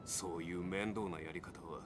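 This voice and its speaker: An actor playing a cocky young warrior in a video game, speaking in a rough, street-tough and mocking way. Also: male voice, low-pitched, steady tone, quick pace, slight background noise, natural voice. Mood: gruff. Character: cocky rough male warrior, violent badass. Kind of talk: Japanese game voice acting.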